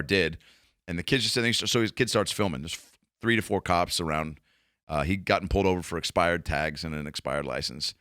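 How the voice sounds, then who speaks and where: A man hosting a comedy podcast, talking in a casual, profane, animated monologue and acting out quotes in raised voices. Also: low-pitched, clean tone, dry recording, studio quality.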